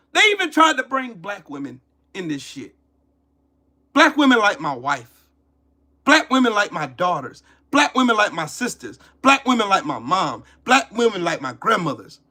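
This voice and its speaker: A man's voice: high-pitched, sharp tone. Angry, profane man in his forties. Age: 40s. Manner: profane, heated, repetitive. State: pissed off with a headache. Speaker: political commentary streamer. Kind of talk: angry ranting commentary.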